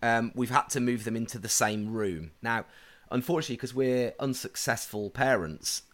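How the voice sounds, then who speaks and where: A man co-hosting a podcast, chatting casually and telling a lively anecdote while laughing. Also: medium pitch, normal speed. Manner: animated anecdote teller, acts out kids' voices with laughter. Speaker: podcast co-host. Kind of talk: casual chat, storytelling.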